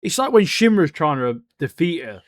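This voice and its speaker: A man's voice: on the high side, very animated, moderate pace, no echo, studio quality. A man co-hosting an anime podcast in a laid-back way, using slang and hesitant fillers. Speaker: podcast co-host. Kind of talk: casual anime review chat.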